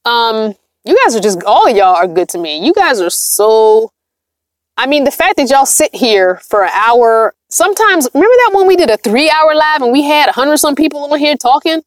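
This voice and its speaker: A woman's voice: high voice, sing-song, normal speed, no room sound, studio quality. Chatty, emphatic woman livestreaming. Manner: chatty, emphatic, repeats herself. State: tired, yawning. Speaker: vlogger hosting a livestream. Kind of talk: casual livestream chat with viewers.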